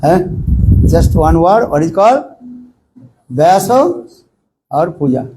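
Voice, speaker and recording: A man giving a slow, high-voiced sermon in broken English. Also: sing-song, warm tone, a little hiss or hum, poor audio. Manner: broken English, frequent questioning "eh?" to listeners; acts out short quoted exchanges with raised voice. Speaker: spiritual teacher giving a discourse. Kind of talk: informal sermon with anecdotes.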